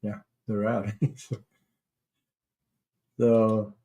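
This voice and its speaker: Slow, mellow-voiced livestream host. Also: male voice, on the low side, level tone. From Canada. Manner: rambling, halting, greets viewers warmly by name. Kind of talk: casual livestream chat.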